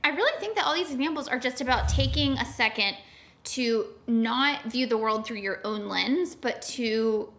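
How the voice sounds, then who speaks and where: Chatty woman with a higher voice. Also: animated, moderate pace, fairly bright tone. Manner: chatty, self-deprecating, many fillers. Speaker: podcast co-host. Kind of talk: casual chat.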